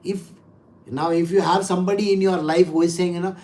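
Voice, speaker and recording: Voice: mid-range voice, steady tone, fairly quick, darkish tone, a little hiss or hum. A spiritual teacher, giving a conversational scripture talk full of stories and rhetorical questions to the listeners. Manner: laughs while telling anecdotes.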